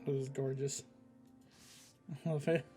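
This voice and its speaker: A woman's voice: extremely low pitch, level tone, unhurried. A woman streamer commenting on a game as she plays, reacting openly and emotionally. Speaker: gaming streamer. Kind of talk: let's play commentary. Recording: game music behind.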